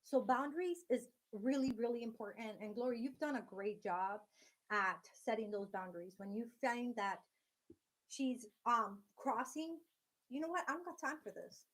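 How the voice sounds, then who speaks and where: A woman's voice: a little high, normal speed. A woman hosting a casual live stream from home, chatting directly with her viewers and laughing often.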